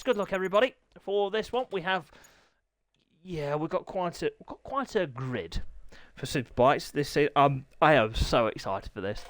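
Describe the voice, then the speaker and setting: Young man, high voice, streamer commentary, jokey, excitable, dry close sound. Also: normal speed, no echo. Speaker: race commentator and stream host.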